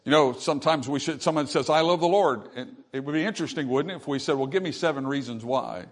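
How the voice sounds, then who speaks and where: A man preaching with a fairly high voice, leaning hard into the quoted lines and calling out to his listeners for agreement. He swings between loud emphatic phrases and quieter, conversational asides. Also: quick pace. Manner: emphatic preaching with call-and-response "Amen?". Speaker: pastor. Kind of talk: sermon.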